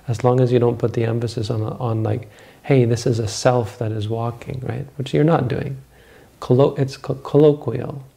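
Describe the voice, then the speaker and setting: Male meditation teacher, husky and mellow, flat and even delivery. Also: mid-range voice. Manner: calm, measured, explanatory. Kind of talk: answering questions in a talk.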